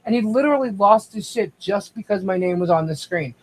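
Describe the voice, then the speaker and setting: Man, livestream guest, high voice, rambling, many restarts, talks to viewers, casual chat. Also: animated, fairly quick, rough recording.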